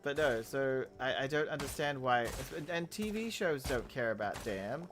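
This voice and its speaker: Casual gameplay commentator, lively and bouncy delivery, giggly rambling storyteller. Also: medium pitch, moderate pace, soft background music. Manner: rambling, giggly, goofy asides; chatty storytelling with many fillers and restarts. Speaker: gaming YouTuber.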